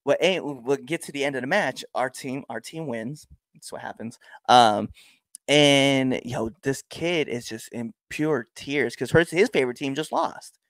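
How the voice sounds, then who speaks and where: A man's voice: a little slow, dry recording. A young man, a pro wrestler, telling stories casually and acting out crowd exchanges. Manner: animated storyteller, acts out crowd exchanges with big pitch jumps. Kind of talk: casual storytelling interview.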